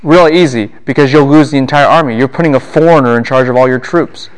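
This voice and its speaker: A man lecturing a class on the Bible, animated and full of rhetorical questions. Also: medium pitch, quick pace, clean tone.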